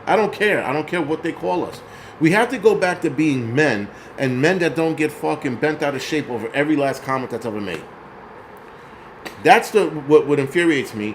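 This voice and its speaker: A man of Puerto Rican origin rants as the host of his own show, cursing freely and mocking the people he talks about. His voice sits somewhat higher than most men's, and faint background noise runs under the recording. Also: expressive, normal speed. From Puerto Rico. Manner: profane, heated, mocking. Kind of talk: angry ranting commentary.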